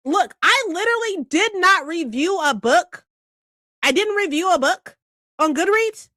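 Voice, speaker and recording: A woman vlogger on a heated, swear-filled rant, her high voice leaping up and down with energy. Her tone is bright and cutting. The sound is close and dry, with no room around it. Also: dry recording. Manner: heated, profane, animated rant. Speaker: book vlogger. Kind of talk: ranting casual vlog.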